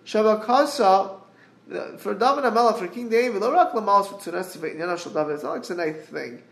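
A man giving a Torah class over a group call, earnest and halting, quoting Hebrew verses and translating them. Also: sits high, gravelly, a bit bright, echoey room. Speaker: Torah teacher. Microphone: group call line.

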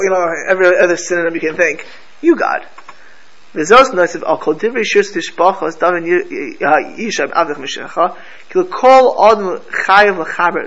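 A man's voice: high voice, a bit bright, a little hiss or hum, low-quality recording. A man teaching a casual religious class to a live group, chatty, often asking his listeners "right?" and weaving prayer phrases into his talk.

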